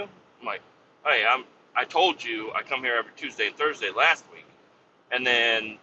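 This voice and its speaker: A man's voice: mid-range voice, a little fast, sharp tone. A man telling a rambling story in a casual, exasperated way, swearing freely. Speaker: podcast host. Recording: dull, slightly lo-fi sound with faint noise.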